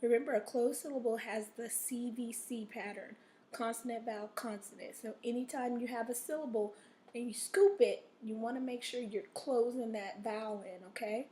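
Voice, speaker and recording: A woman teacher with a somewhat high voice records a reading lesson for young pupils. She talks patiently, stops often to check in with them, and reads passages aloud with expression to model it. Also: normal speed, warm tone, a little hiss or hum. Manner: patient, repeats "okay?" to check in.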